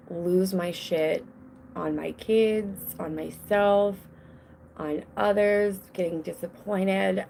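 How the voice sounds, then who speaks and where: A young woman hosts a casual solo podcast from home with children nearby, rambling restlessly and often breaking off mid-sentence. Her voice is on the low side and darkish, with vocal fry, and there's a little hiss or hum.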